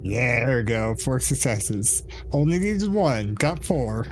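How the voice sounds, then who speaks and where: A man's voice: mid-range voice, sing-song, slow, over a noisy crowd. A man playing a tabletop game, upbeat, double-checking the rules and counting his successes aloud. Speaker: player.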